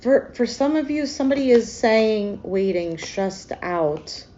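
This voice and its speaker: A woman's voice: a little high, animated, unhurried, warm tone, lo-fi sound, a little hiss or hum. Woman doing a casual, emotional tarot reading. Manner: emotional, thinks aloud with frequent hesitations. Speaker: tarot reader.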